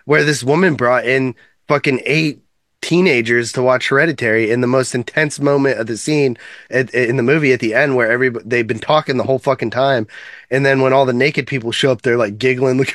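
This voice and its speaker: A man in casual podcast chat, telling an animated, profane story and acting out his own lines. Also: mid-range voice, fairly quick, no echo, studio quality. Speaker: podcast co-host.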